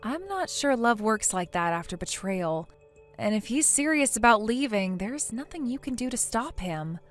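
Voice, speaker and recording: In this text-to-speech text story, a fairly high, sing-song synthetic woman's voice speaks at a moderate pace with faint music behind. She voices a blunt young woman lecturing a friend in a scolding tone.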